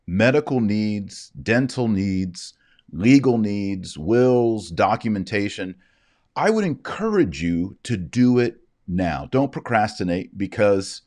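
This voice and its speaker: A man's voice: on the low side, darkish tone. A man with a Texan drawl giving casual commentary, his speech slightly slurred from a numb mouth after dental work. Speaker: Catholic commentary host.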